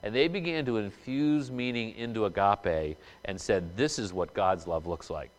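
A man's voice: fairly low pitch, moderate pace. A man who was a pastor for many years, giving a sermon in a conversational way, with many fillers and restarts. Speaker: former pastor, college representative. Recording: hall reverb.

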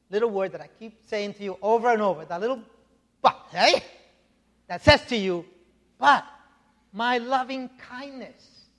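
In a church sanctuary, a male pastor with a fairly high voice preaches a sermon as long hall reverb trails his words. His teaching style is conversational, with asides and check-ins with the congregation.

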